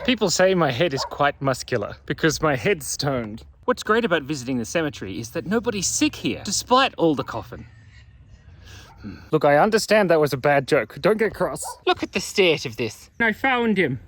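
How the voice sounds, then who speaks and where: Playful man cracking puns, lively pitch. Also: dry recording. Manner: pun-telling, playful, talks to the viewer. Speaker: vlogger. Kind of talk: joke-filled walking vlog. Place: outdoor cemetery.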